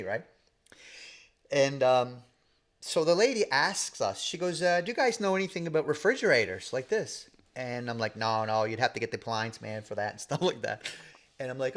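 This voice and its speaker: A man, co-hosting a casual podcast and telling stories with quoted voices and frequent laughs. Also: mid-range voice. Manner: animated storyteller, acts out quoted voices; laughs often. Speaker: podcast co-host. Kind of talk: casual storytelling chat.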